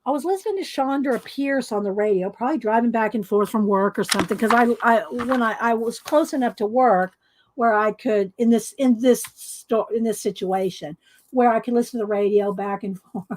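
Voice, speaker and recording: A woman's voice: a little high, fairly quick, darkish tone. A woman hosting a coloring video, casually telling rambling stories to her viewers with fillers and laughs. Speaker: adult coloring video host.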